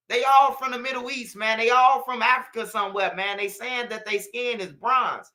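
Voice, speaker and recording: High, bright-voiced Chicago man preaching. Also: fairly quick, few pauses. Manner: street slang, repetitive, preachy. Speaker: channel host. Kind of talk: casual monologue to viewers.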